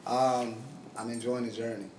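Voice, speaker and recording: Male DJ guest, relaxed and slangy, mid-pitched voice, recorded in an echoey room off-mic. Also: normal speed. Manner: laid-back, loose, swears and says bruh. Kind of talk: casual podcast chat. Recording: echoey room, distant mic, faint noise.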